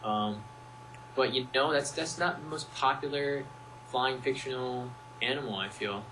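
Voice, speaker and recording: A man's voice: medium pitch, measured pace, pushed and bright, slight background noise, poor audio. A young man, a music producer, chatting casually in an interview and acting out quotes as he rambles through playful stories. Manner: playful, rambling storyteller who acts out quotes. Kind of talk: casual chat.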